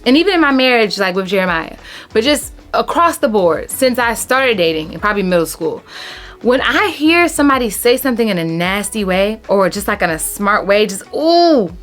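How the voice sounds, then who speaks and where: Speaking to camera in a mid-range voice, a thirtysomething woman gives relationship advice casually, with animated emphasis, addressing her viewers as honey.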